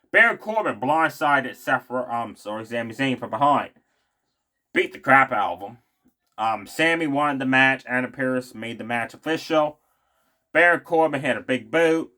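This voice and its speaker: A man talks through a wrestling recap in a loose, chatty way. His voice sits at an ordinary middle pitch. He keeps circling back with fillers and tossing in his own opinions as he goes. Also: pushed and bright. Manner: rambling, many fillers, opinionated asides. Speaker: wrestling show recap vlogger. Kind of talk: casual spoken recap.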